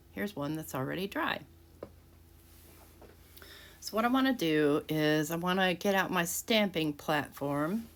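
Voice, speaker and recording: In a home craft room, a woman whose voice is on the low side and a bit bright explains how she makes a handmade card. Her narration is casual, tutorial-style, and full of restarts.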